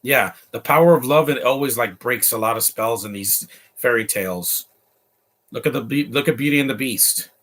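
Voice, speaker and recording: Man, movie reactor, casual and opinionated, chatty asides, mid-pitched everyday voice. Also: moderate pace, a bit bright.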